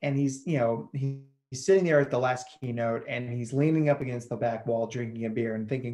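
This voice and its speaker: A man and psychologist giving a lively, chatty webinar presentation over a video call. He often repeats words as he thinks out loud. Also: medium pitch, a little fast, hardly any pauses.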